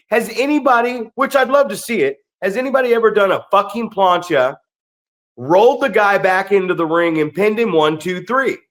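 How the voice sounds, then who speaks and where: A man hosting a casual podcast chat, telling wrestling coaching stories in an animated, profane way. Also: sits high.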